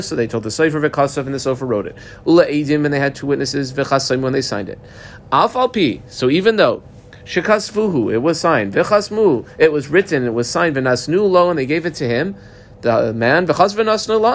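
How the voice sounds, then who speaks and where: A man's voice: medium pitch, slight background noise. Man teaching a Talmud class step by step. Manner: explains step by step, translating Aramaic phrases into English; casual, many fillers.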